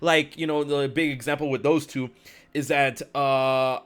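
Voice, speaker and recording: Bright, excitable male streamer host. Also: medium pitch, measured pace, clear, resonant tone. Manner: rambling, filler-heavy, excitable. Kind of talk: casual interview chat.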